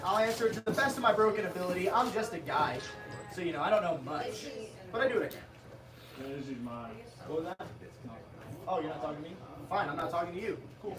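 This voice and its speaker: A man's voice: high-pitched, reverberant. A man co-hosting a company livestream, chatting loosely with viewers and joking with his co-host. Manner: loose, joking, talks to chat, says dude. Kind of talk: casual livestream chat.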